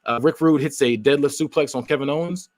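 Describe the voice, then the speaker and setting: A man, a podcast co-host, giving a steady play-by-play recap of an imagined match and filling his pauses with "uh" and "um". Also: a little high. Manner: steady storytelling with frequent "uh" and "um" fillers.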